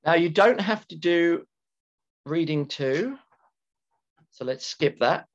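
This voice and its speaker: A man teaching an English grammar lesson to students, talking slowly and deliberately, repeating key words and stretching them for emphasis. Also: on the high side, animated. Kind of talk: recorded classroom grammar lecture. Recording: dull lo-fi lecture recording with keyboard typing.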